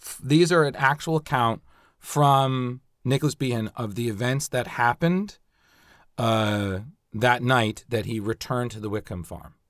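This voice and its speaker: A man's voice: medium pitch, measured pace, no echo, studio quality. A man hosting a casual true-crime podcast, explaining the case with hesitant stops and restarts. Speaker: podcast host.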